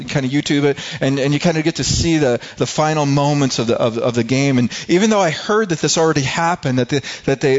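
Middle-aged pastor telling a story, lo-fi. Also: male voice, medium pitch. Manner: storytelling with frequent restarts and rising excitement. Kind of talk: sermon. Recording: slightly dull lo-fi sound.

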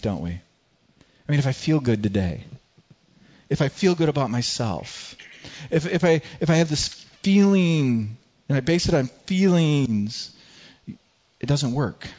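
A male pastor preaching a sermon, animated and telling a personal story with frequent stammered restarts. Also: mid-range voice, moderate pace, highs cut off.

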